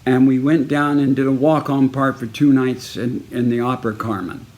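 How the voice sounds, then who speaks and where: A man from Texas telling a story in a casual personal video message, in a lively way, acting out each person he quotes. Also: medium pitch, moderate pace. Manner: lively, acts out each person in the story with raised, punchy delivery.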